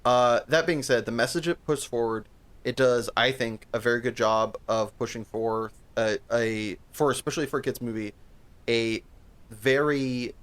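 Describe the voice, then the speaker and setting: A man co-hosting a podcast, talking casually about a movie, rambling with restarts and plenty of swearing. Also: medium pitch. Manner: rambling, profane, restarts often. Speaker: podcast co-host. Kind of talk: casual chat.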